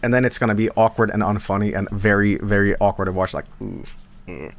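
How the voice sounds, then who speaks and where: A man's voice: fairly low pitch, steady tone, quick pace. A man streaming from home, chatting casually to his viewers in a rambling, stammering way that keeps interrupting itself. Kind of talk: casual live-stream chat.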